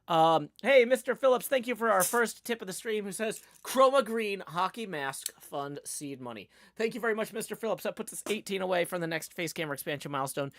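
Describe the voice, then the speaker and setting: A man's voice: a little high, fairly bright tone, no room sound, studio quality. A man, likely in his forties, hosting a live stream in casual, rambling chat full of fillers and easy laughs. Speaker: livestream host. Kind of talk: casual chat while building.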